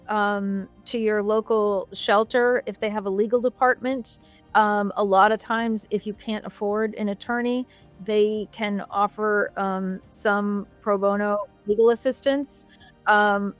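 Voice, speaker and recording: Earnest woman giving practical advice. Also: medium pitch. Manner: earnest and practical, with frequent "um" fillers. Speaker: guest, co-founder of an advocacy group. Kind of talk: podcast interview, giving advice.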